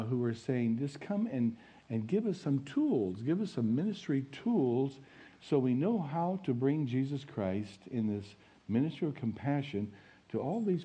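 A man's voice: medium pitch, mellow, husky. A middle-aged man, an interim pastor, giving an informal, chatty sermon full of fillers and storytelling. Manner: folksy and chatty, many fillers, chuckles at own stories.

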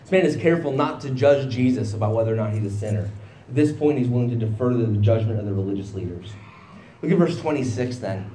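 Working through a Bible passage in an expository sermon, this pastor keeps it conversational, frequently asking "right?" and voicing the characters he quotes. He speaks quickly with a warm, medium-pitched, lively voice, recorded in a reverberant space with a little hiss or hum.

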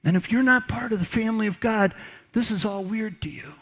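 A man's voice: high-pitched, a little fast, fairly bright tone. A man preaching a sermon as pastor, conversational, repeating words and dropping folksy asides.

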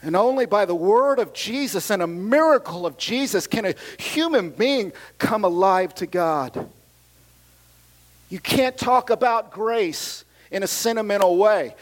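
A middle-aged man preaching a sermon, animated, with casual slang and shouts of hallelujah, swinging between loud passages and quiet asides. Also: high-pitched, a little slow. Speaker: pastor.

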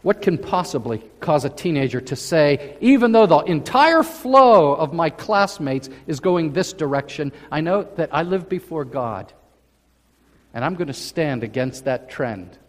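A male pastor delivers a sermon in a slightly higher-pitched voice, pacing his words slowly and leaning hard on key phrases. His voice rings out through a church sanctuary with a long, lingering reverb. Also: big pitch swings. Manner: slow, emphatic preaching with drawn-out phrases.

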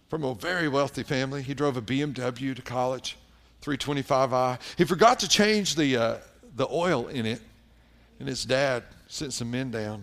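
A middle-aged pastor from South Carolina tells stories during a sermon in a medium-pitched voice. He slips in wry asides and drops his voice quietly for emphasis.

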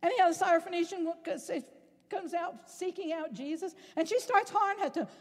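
A woman preaching a sermon in an animated, rhetorical way, at times rising to a shout. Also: extremely high pitch, brisk. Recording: long reverb in a large hall.

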